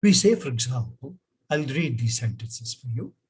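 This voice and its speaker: A man's voice: mid-range voice, sing-song, normal speed, slightly rough, low-quality recording. A man teaching pronunciation in a lecture, drilling example words by repeating them. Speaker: English teacher.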